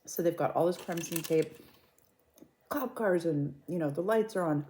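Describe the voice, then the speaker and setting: A woman vlogger chatting casually, retelling a story with a gossipy, animated manner. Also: on the low side, normal speed, a little hiss or hum. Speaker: mukbang vlogger.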